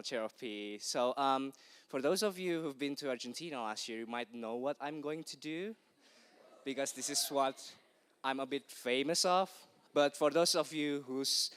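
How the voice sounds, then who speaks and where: A man chairing a committee, leading a loud call-and-response energizer chant for a crowd in a large conference hall. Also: medium pitch, clean tone.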